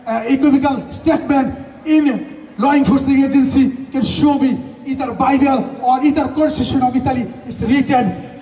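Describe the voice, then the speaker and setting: A man giving an impassioned protest speech, shouting indignant rhetorical challenges again and again at an outdoor rally. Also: very high voice. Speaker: protest speaker. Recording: echoey distant rally recording. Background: faint crowd and ambient noise.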